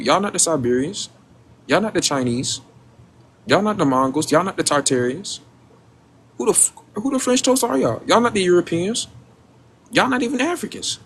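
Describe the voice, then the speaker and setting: A man's voice: fairly high pitch, slight background noise. A man hosting a casual livestream. He talks in rhetorical questions, addresses his audience directly, and stumbles over repeated words when searching for what to say. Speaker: livestream host.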